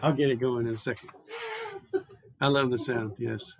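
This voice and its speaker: A man's voice: mid-range voice, fairly even intonation, normal speed, crowd noise. A male chemistry instructor giving a university classroom lecture, explaining calculations step by step in a conversational way. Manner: explanatory and conversational, talks students through steps.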